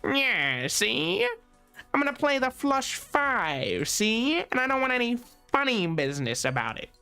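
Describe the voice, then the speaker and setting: A man's voice: very high voice, sing-song, unhurried, vocal fry, sharp tone, smooth, soft background music, pitched above the performer's own voice, heavily acted. A man doing an old-timey radio gangster voice, a tough-talking man who keeps tacking "see?" onto his threats. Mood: menacing swagger. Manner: tough-guy drawl, punctuating with "see?".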